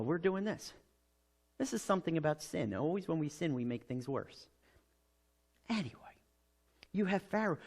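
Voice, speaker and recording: Animated American male pastor. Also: high-pitched. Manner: animated storytelling, acting out quotes. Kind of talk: sermon.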